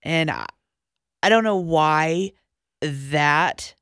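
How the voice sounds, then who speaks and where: A young woman telling a personal story as a podcast guest, halting, with restarts and pauses, going quiet at the hardest parts. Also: low voice, smooth, no room sound, studio quality. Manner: halting, with frequent restarts and trailing-off lines, dropping quiet at hard moments.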